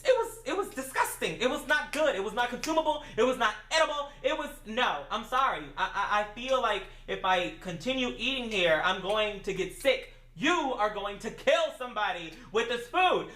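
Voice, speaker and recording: Woman, vlogger, sassy storytime rant, profane, animated, bright voice, echoey room. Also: a little high. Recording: roomy echo.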